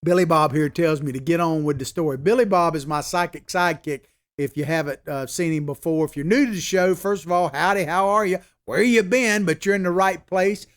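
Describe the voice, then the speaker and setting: A man's voice: fairly high pitch, a little fast, fairly bright tone. A man hosting a political commentary show, emphatic and folksy, repeating his points for stress and talking with filler asides.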